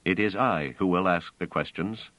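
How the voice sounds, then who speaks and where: A man voicing a cold, commanding humanoid guard robot that questions its prisoners in a flat, literal manner. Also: deep voice, normal speed, no room sound. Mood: menacing. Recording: dull, dry audio.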